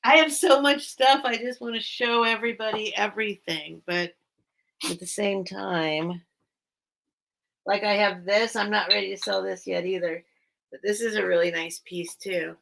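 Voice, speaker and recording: A woman's voice: mid-range voice, steady tone, moderate pace, gravelly, fairly bright tone, poor audio. A woman hosting a casual live sale stream, chatting in a rambling, enthusiastic way. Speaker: online sale host. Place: at home among her collection.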